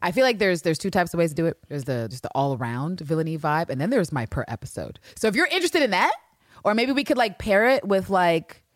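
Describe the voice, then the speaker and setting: Animated low-voiced woman podcast co-host. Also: fast talker, dry recording, clean studio sound. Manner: animated, swears casually, swoops up when excited. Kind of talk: casual chat.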